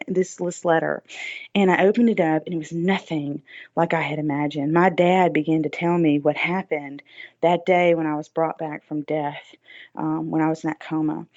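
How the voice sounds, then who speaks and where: A woman's voice: fairly low pitch, darkish tone. Earnest woman telling her story, lo-fi. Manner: earnest storytelling with frequent fillers and restarts. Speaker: podcast guest. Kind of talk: personal testimony in a podcast interview.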